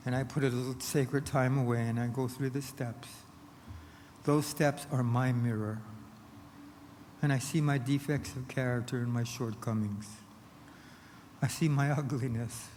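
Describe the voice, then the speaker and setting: Earnest male speaker at a recovery meeting, mid pitch, long hall reverb. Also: slight background noise. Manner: earnest, shifts from hushed to emphatic. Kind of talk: personal storytelling talk.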